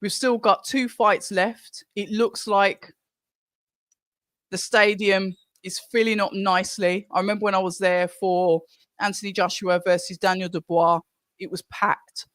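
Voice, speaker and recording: A woman's voice: medium pitch, flat delivery, unhurried, no echo, studio quality. A middle-aged woman hosting a live stream, chatting casually and reading viewer comments aloud from home. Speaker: livestream host.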